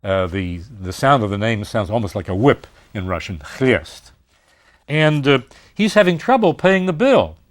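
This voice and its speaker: A man giving a university lecture on literature, telling the story in an animated way with frequent "uh" fillers. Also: mid-range voice, unhurried.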